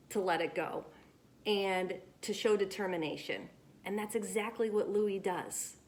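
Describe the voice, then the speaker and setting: A woman teaching children after reading a picture book, gentle and encouraging as she talks straight to them about handling disappointment. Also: fairly low pitch, expressive, moderate pace.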